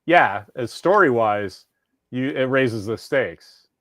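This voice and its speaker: A man co-hosting a casual podcast, talking in quick animated bursts and cursing freely. His voice sits at an ordinary middle pitch. The recording is dry and close, with almost no room sound. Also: no echo. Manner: animated, profane, frequent restarts. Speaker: podcast co-host. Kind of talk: casual chat.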